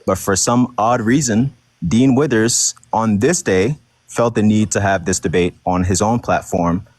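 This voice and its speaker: A man's voice: lowish voice, unhurried, a little mellow, dry recording. A man in a heated online debate, combative and repetitive, talking over the others. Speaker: debate guest.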